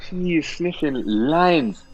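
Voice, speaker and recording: A man's voice: fairly high pitch, expressive, slow pace, dull audio, a little hiss or hum. A man bantering on a comedy podcast, incredulous and slangy, repeating his lines for laughs. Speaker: podcast co-host.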